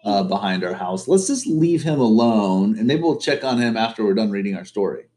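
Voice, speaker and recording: A man's voice: lowish voice, animated, fairly quick, mellow, slight background noise. Jokey man hosting a kids' read-aloud. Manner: jokey, chatty, acts out characters. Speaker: storytelling host. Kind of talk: playful read-aloud for kids.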